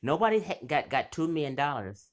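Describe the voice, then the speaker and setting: Man, casual call-out vlog, boastful, confrontational, swinging pitch. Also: sing-song, brisk. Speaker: channel host.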